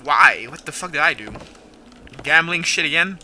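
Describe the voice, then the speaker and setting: A young man rambling excitedly and swearing casually while commenting on a game as he plays. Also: fairly high pitch, normal speed, slight background noise, low-quality recording. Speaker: gaming video host. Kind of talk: let's play commentary.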